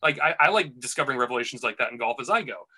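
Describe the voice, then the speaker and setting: A man's voice: mid-range voice, animated, very fast, background noise. A man casually telling a rambling golf caddy story on a podcast, full of restarts and asides.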